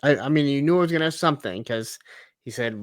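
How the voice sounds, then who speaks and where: A man co-hosting a casual TV recap chat, thinking aloud with fillers and quick asides. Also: mid-range voice, no echo, clean studio sound. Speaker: podcast co-host.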